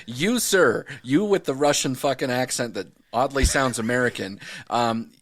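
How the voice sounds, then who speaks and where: A man's voice: mid-range voice, moderate pace, close to an everyday voice. A man improvising a stammering, overwhelmed male cashier who curses back at customers in a comedy skit. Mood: flustered. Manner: flustered, stammering, cursing back.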